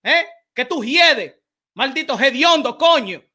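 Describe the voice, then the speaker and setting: A man's voice: very high-pitched, animated, moderate pace, pitched above the performer's own voice, exaggerated voice. A man doing a brash Dominican boxer's trash talk. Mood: taunting. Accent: Dominican Spanish. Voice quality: broken English mixed with Spanish curses. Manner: taunting, shouting, mocking. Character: brash trash-talking male boxer, cocky, taunting.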